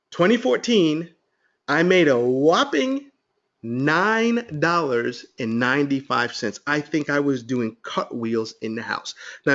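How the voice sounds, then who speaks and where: Excited man pitching a webinar. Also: lo-fi sound. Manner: excited, storytelling, addresses listeners as guys. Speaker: webinar presenter. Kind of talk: sales webinar talk.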